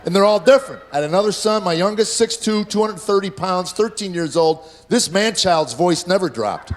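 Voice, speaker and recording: A middle-aged man performing a stand-up comedy set on stage, telling family stories with deadpan delivery and acted-out voices. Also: high voice, moderate pace. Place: comedy stage before live audience. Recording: live show with loud audience.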